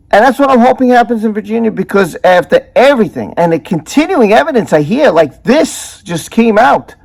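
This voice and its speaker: Indignant man with a high, gravelly voice. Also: darkish tone. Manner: indignant, emphatic, repeats strong words. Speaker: commentary channel host. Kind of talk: opinionated video commentary.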